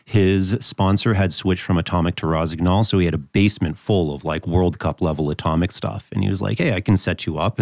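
A man's voice: deep voice, no room sound, clean studio sound. A man co-hosting a podcast, telling casual, self-deprecating anecdotes. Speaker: podcast co-host. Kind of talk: casual storytelling.

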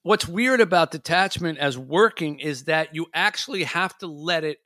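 A man's voice: fairly high pitch, moderate pace, no room sound, clean studio sound. A man hosting a casual talk show, chatting and acting out his own inner voice. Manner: animated, acts out his inner voice. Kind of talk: casual chat.

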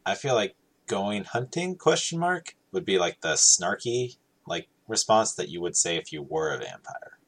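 A man with a very low voice that swings widely in pitch chats casually over a game. He jokes, trails off and restarts his sentences, leaning on "like" as he talks. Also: animated, moderate pace, fairly bright tone, breathy edge. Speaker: player.

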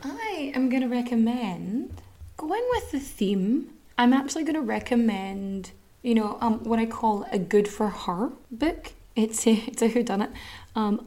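An Irish woman hosts a podcast in a relaxed, chatty way, candid and quick to swear. Her voice sits a little high but has a mellow, soft tone. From Ireland. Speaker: podcast host. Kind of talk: casual chat.

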